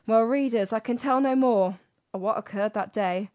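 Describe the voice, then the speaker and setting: A British woman co-hosting a casual radio chat show and reading a comic poem aloud with brisk, playful emphasis. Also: a little high. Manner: brisk, chatty, reads verse with comic emphasis. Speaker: co-host.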